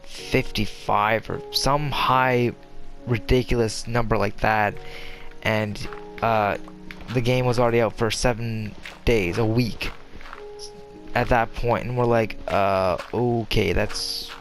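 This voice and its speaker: A man's voice: medium pitch, fairly even intonation, takes it slowly, a bit bright, faint music behind. A young man chatting casually while playing a game, rambling and restarting his sentences often with lots of fillers. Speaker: gaming commentator. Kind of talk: casual gameplay commentary.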